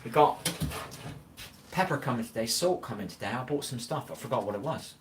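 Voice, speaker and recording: A man's voice: medium pitch, animated, a little fast, background noise. Chatty man reading livestream comments. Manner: chatty, stumbles over viewer names, folksy advice. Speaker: livestream host. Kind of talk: casual livestream chat reading viewer comments.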